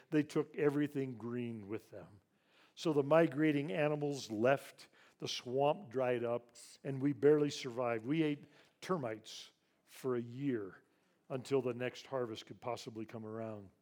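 Earnest older man telling a story. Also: mid-range voice. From grew up in Ivory Coast. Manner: earnest, hushed and emotional when recounting loss. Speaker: charity president speaking to a church audience. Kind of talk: personal storytelling talk.

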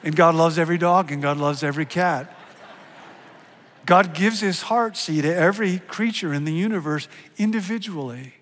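A middle-aged man preaching a sermon as a pastor, animated and swinging from hushed to loud and emphatic. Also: on the high side, moderate pace. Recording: long hall reverb.

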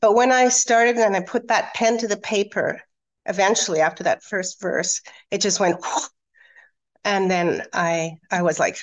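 A middle-aged woman, a podcast guest, telling a painful personal story with halting restarts, then reading her own poem. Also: medium pitch, fairly even intonation. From Australia. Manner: candid, emotional, halting with restarts. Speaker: guest, hypnotherapist and coach.

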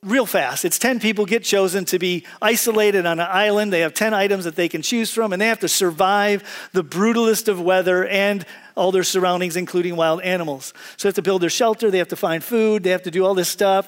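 A man with a high voice preaching from the pulpit, moving easily between prayer and joking stories. His delivery is conversational and animated, like he is talking with a room full of friends. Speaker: pastor. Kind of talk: sermon with prayer and humorous stories. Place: church sanctuary with congregation.

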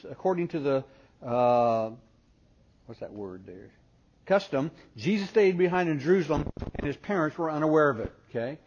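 A man preaching to a conference audience, telling funny stories and acting out the voices of the people in them. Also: on the high side. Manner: animated storyteller who acts out voices. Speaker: speaker at a parenting conference. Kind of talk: humorous preaching with storytelling. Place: conference hall before an audience. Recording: dull lo-fi recording with faint noise.

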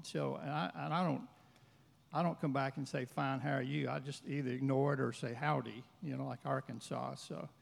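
Man, rambling anecdote, gravelly, hall reverb. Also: on the high side. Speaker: workshop participant. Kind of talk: storytelling question from the audience.

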